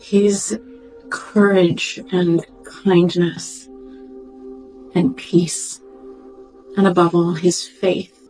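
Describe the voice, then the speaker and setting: A woman doctor giving a reflective, heartfelt personal testimony, pausing and searching for words as she goes. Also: fairly low pitch, flat delivery, darkish tone, rough recording. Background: faint background music.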